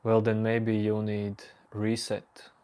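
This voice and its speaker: A man's voice: fairly low pitch, completely flat delivery, slow pace, mellow, clear, resonant tone. A man hosting a late-night livestream, casually teasing and joking with his chat viewers. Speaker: livestream host.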